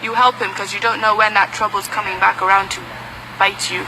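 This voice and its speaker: Woman storyteller, mid-pitched, lively fable delivery, street noise behind. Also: a little fast. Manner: lively storytelling, slips into character voices. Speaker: storyteller interviewee. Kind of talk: telling a folk tale.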